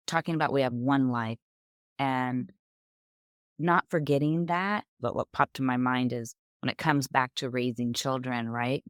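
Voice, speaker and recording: A middle-aged woman, a podcast guest, telling personal stories in an animated way and acting out quoted dialogue. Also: low voice, dry recording, clean studio sound. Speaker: guest, author and business owner. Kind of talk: conversational storytelling.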